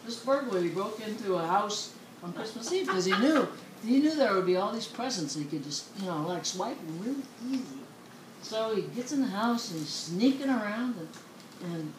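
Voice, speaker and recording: A woman co-hosting a show tells long, rambling jokes in an expressive, mid-range voice at a moderate pace. She's chatty, laughs partway through, and loses her place, all in an echoey room with clear noise.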